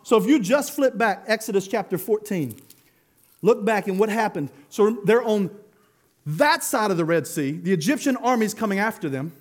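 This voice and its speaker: High-voiced man preaching a sermon. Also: normal speed. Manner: animated preaching with laughs and acted-out quotes. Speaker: pastor.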